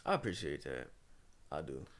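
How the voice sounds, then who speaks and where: A man's voice: rumbling low, very animated, normal speed, fairly bright tone. A young man in his twenties from Ohio, a guest in a casual interview, rambling through stories and saying "bro" a lot. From Ohio, USA. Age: 20s. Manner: rambling storytelling, peppered with "bro".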